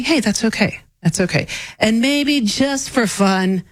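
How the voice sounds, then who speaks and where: A woman's voice: a little high, animated, measured pace, no room sound, low-quality recording. A woman guest-hosting a talk radio show, candid and opinionated, speaking casually into a studio microphone. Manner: candid, opinionated, self-deprecating.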